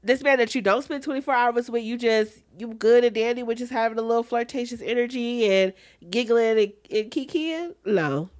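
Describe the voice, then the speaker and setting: A woman's voice: fairly high pitch, moderate pace, hardly any pauses, no room sound, clean studio sound. A woman co-hosting a podcast, giving frank, slangy opinions on a reality show in casual chat. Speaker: podcast co-host.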